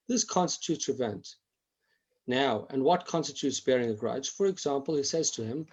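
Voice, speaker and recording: A man's voice: fairly high pitch, lively intonation, fairly quick, a little mellow, husky, highs cut off. A man teaching a Torah class online, acting out examples and often restarting his sentences.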